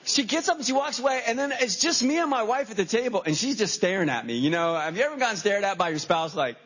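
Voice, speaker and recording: Male pastor, high voice, animated sermon storyteller, dull lo-fi sermon recording. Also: quick pace. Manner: animated storytelling, acting out his own reactions. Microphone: handheld microphone.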